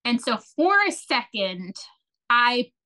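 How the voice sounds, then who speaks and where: A woman telling a long personal story as a podcast guest, chatty and animated, with many fillers and restarts. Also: on the high side, takes it slowly. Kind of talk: casual storytelling.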